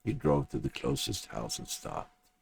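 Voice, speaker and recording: A man reading a story aloud in a plain, steady audiobook narration, with a gravelly voice. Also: a bass voice, unhurried, slight background noise.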